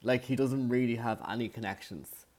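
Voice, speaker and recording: A man's voice: mid-range voice, normal speed, a little mellow. A man co-hosting a podcast, a former contestant who chats enthusiastically and gossips about the players. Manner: enthusiastic, gossipy, drops his voice to mimic people. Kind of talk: casual recap chat.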